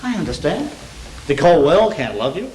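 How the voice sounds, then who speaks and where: A gruff older brother whose voice swings up and down as he pushes money on his sibling, as an actor plays him on stage. The sound comes from across an echoing theatre with a faint hiss. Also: fairly high pitch, big pitch swings, moderate pace, distant mic, a crowd in the background. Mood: blustering. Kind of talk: amateur stage play.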